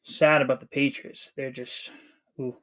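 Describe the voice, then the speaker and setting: A man's voice: medium pitch, little pitch movement, a little slow, fairly bright tone. A man in his thirties from New England, chatting casually with his live-stream chat while he plays a game. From New England, USA. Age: 30s. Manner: chatty, reads chat aloud while playing.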